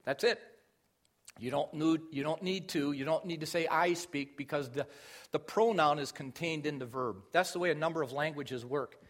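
A man's voice: on the high side, moderate pace. A middle-aged man preaching a sermon, explaining scripture and rising in force on key phrases. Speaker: pastor.

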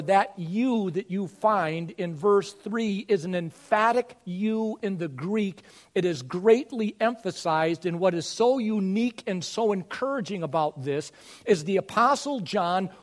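A pastor delivering a sermon in a notably high-pitched male voice. He talks earnestly and grows emphatic as he presses his points home. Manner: earnest, rising to emphatic preaching.

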